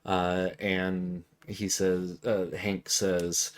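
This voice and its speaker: A man narrating as game master of a tabletop game, easygoing and relaxed, with frequent "uh"s. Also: low-pitched, a little slow. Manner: easygoing, many fillers, laughs along.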